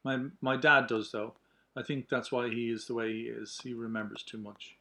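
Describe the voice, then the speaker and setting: A man's voice: mid-range voice, steady tone, moderate pace, bright, forceful tone. A troubled teenage boy who misses his mother, read plainly by a man. The lines come in a script readthrough, lightly acted and close to the reader's own voice. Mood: sad.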